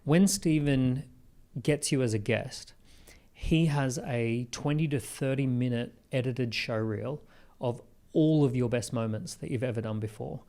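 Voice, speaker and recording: A man with an Australian accent, a guest on an interview podcast, telling business stories in an animated way with quick restarts and asides. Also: medium pitch. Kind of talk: conversational interview.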